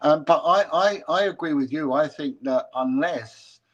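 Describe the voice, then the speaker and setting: A man, a former policeman, talking in a casual interview, halting and restarting often as he tells a story. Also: on the high side, muffled recording. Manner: halting, with many restarts and repeated words.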